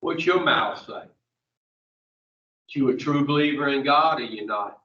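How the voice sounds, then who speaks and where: The man's voice is medium in pitch with a sharp tone, keeping a measured pace. He leads a recovery group in a blunt, swearing-heavy teaching session, firing questions at those listening. The sound comes from a distant mic in a dull, echoey room.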